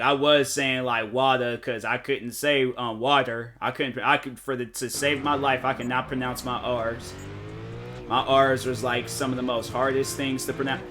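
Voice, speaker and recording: A man's voice: medium pitch, steady tone, moderate pace. A man streaming and chatting casually, rambling with lots of filler words and restarted sentences. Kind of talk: casual chat on a live stream. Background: game music.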